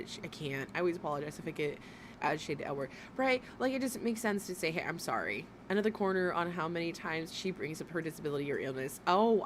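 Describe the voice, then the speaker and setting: A woman's voice: fairly low pitch, a little hiss or hum. Blunt, profane woman reacting live. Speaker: livestream host reacting to a video. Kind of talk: casual reaction commentary.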